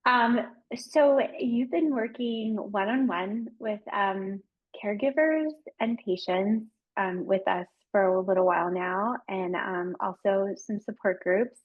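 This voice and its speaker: A woman hosts an interview, asking her questions hesitantly and pausing on fillers. Her voice comes through a thin, tinny, phone-like line at a middle pitch. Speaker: host, foundation director.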